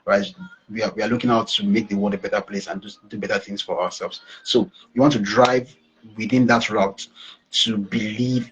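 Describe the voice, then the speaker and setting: A man's voice: on the low side, breathy edge, poor audio. A male business coach giving a motivational talk over a call, emphatic, repeating phrases and checking in with "all right". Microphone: video call.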